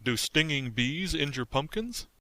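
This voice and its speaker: A man's voice: on the high side, very animated, a little slow, pushed and bright, heavily acted. A man voicing a timid, gloomy pumpkin-headed man in an audiobook, fearful and nervous. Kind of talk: audiobook character voice.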